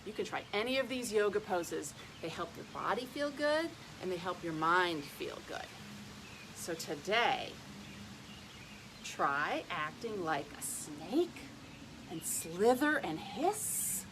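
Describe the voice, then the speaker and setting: A woman's voice: fairly low pitch, animated, slow pace, noisy background. A woman leading a playful yoga lesson for young children, speaking in a sing-song way. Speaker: early childhood educator leading kids' yoga.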